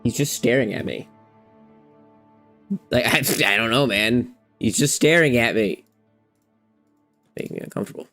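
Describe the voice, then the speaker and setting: A man's voice: mid-range voice, unhurried, long pauses, pushed and bright, soft background music. A man giving rambling, playful gameplay commentary at a desk mic, chatting to his cats between moments in the game. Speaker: gamer.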